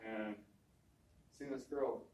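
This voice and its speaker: A man's voice: mid-range voice, fairly even intonation, slow, a little mellow. A man telling his own story in an easy, conversational voice, doubling back on words and acting out what people said. He sounds a little distant from the mic, in a room with a lot of echo. A faint hum of ambience sits behind him. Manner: conversational, repeats words, quotes others. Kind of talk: personal storytelling talk.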